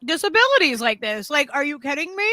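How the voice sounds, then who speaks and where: An animated woman co-hosting a casual panel chat, restarting and repeating words often. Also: sits high, quick pace, no echo.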